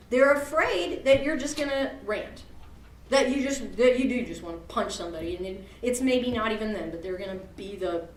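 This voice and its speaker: A woman leading an advocacy workshop, quizzing her audience and making joking asides in a lively talk. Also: on the high side, slight background noise. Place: meeting room at a church event. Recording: roomy hall, from far off.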